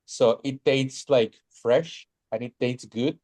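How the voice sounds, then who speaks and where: Mellow-voiced man, dry close sound. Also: mid-range voice, slow pace, dry recording. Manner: thoughtful, uses fillers like "like" and "uh". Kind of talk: casual video call chat.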